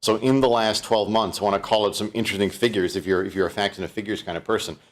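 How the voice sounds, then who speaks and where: A man from Canada with a fairly low voice talks through a keynote in a relaxed, conversational way. He keeps stopping to restart phrases and fills gaps with "um" and "uh". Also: quick pace. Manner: conversational, fillers, many restarts. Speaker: keynote presenter. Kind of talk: live-streamed keynote talk.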